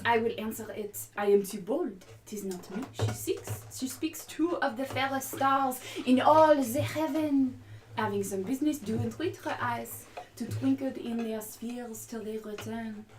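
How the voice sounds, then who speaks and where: A woman's voice: on the high side, unhurried, a little hiss or hum, natural voice. A woman playing young male lover Romeo in a put-on French accent, reciting verse theatrically. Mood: yearning. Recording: voice far from the mic.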